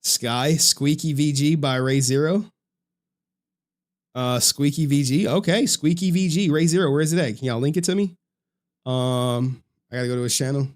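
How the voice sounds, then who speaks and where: A man's voice: a little high, normal speed. A man hosting a livestream, chatting casually and rambling to his viewers. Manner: laid-back, rambling, talks to chat. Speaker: livestream host.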